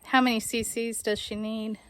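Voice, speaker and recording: A woman in her thirties talks straight to her phone camera out on the cattle farm, candid and near tears. Her voice sits a little high, with a faint hiss of noise under it. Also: level tone, moderate pace, a bit bright. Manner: emotional, tearful, candid. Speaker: farmer and video host. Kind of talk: casual vlog talk to viewers.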